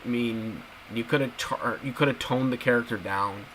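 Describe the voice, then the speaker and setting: Addressing his audience as "guys," a man gives casual YouTube commentary, emphatically repeating himself. He speaks at a moderate pace in a mid-range, slightly bright voice, on a low-quality recording with a bit of hiss or hum.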